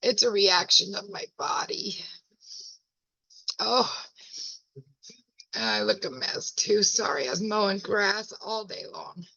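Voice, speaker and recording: A woman's voice: mid-range voice, expressive, normal speed, creaky, few pauses, sharp tone, breathy edge, dry recording. A folksy, self-mocking woman, chatting casually as the host of a home video, her eyes burning from pepper. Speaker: wellness ministry host. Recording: dull lo-fi dry sound.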